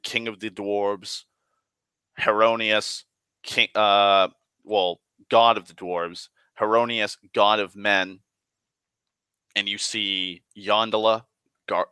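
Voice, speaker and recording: Slow-talking, rambling man. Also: on the low side, pushed and bright, clean tone, no echo. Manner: rambling with restarts and swearing. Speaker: player. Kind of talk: casual storytelling about a tabletop game.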